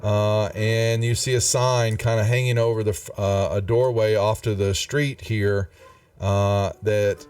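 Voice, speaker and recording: A man narrating a tabletop game as game master, relaxed and full of fillers. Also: fairly low pitch, unhurried, smooth. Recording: distant mic with faint music.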